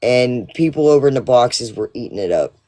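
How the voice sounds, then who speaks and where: A man's voice: medium pitch, animated, brisk, mellow. A man telling a rambling, profane story to his livestream audience in a casual way, full of fillers and restarts. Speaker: livestream host.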